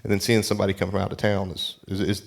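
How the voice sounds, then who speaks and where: A man from North Carolina, a guest in a podcast chat, speaking haltingly and repeating himself as he thinks. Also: deep voice, little pitch movement, gravelly. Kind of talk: casual chat.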